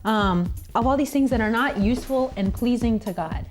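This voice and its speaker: A woman's voice: on the high side, moderate pace, faint music behind. Teacherly woman with a raised voice. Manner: gentle, teacherly, acts out story voices. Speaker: nun teacher and host. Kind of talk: children's TV chat and storytelling.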